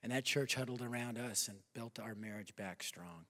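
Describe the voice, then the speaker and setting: A man in his fifties preaching a sermon and telling a personal story, animated, swinging between loud bursts and hushed confessional lines. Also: mid-range voice, normal speed. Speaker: pastor. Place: large church hall. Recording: long hall reverb.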